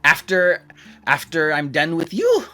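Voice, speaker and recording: A man putting on a shouting vengeful elf gunslinger woman. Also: on the high side, wildly swooping pitch, a little slow, faint music behind, voice pushed up, exaggerated voice. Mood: threatening. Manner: shouting threats from afar, fumbling the accent.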